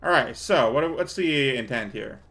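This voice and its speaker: A man's voice: medium pitch, expressive, moderate pace, a bit bright. A man hosting a let's-play, chatting casually and thinking aloud as he plays, a little tired and out of breath. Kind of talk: casual gameplay commentary.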